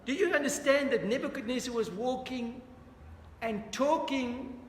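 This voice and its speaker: Bible study teacher, male, high voice, echoey hall with long reverb, faint background ambience. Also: normal speed, a little hiss or hum. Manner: earnest, questions the audience, repeats "dear friends". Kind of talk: interactive Bible study lesson.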